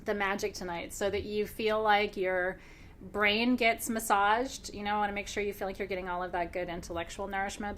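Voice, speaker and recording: A woman hosting a live-streamed spiritual class. She sounds excited and emotional, laughs often, clears her throat, and slows into reflective pauses as she guides a ceremony. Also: mid-range voice, slight background noise. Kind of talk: live-streamed class, warm conversational teaching.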